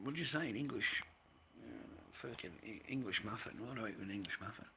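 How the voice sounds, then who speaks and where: An Australian man on a live stream, rambling and confrontational, swearing freely and veering from low muttering to loud outbursts. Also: fairly quick, creaky, a little hiss or hum. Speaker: livestreamer.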